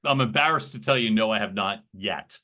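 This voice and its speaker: A man's voice: fairly low pitch, a little fast, pushed and bright. An American man hosting an interview, asking long questions that he rewords as he goes. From United States. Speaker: podcast host. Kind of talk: conversational interview.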